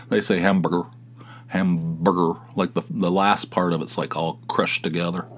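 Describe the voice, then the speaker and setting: A man's voice: low-pitched, moderate pace, fairly bright tone, breathy edge. A man from the United States hosting his own podcast, talking in a rambling, meandering, self-deprecating way. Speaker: podcast host. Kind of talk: casual solo podcast monologue.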